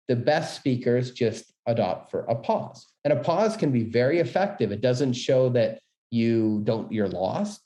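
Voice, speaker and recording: A middle-aged man, a business school dean, giving an energetic, quick-paced webinar talk on presenting. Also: medium pitch. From Canada. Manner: fast, energetic talker with many quick asides. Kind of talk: presentation tips lecture. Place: room, webinar. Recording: roomy echo.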